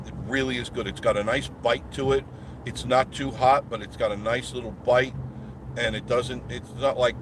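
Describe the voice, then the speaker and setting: This channel host's mid-range voice is fairly even in intonation and a little fast. He chats loosely and folksily with viewers on a live stream from his car, with road and car noise audible.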